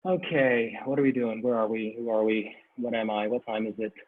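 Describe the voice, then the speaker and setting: A man teaching a Sanskrit class online, animated, repeating phrases and laughing as he explains. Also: on the low side, brisk. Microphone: video call. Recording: tinny video-call audio.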